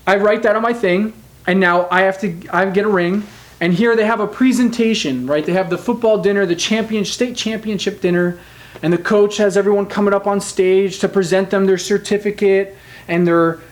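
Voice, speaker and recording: A man, a motivational speaker, telling a personal story in a candid, emphatic way and often checking in with "right?". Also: high voice. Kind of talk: storytelling monologue.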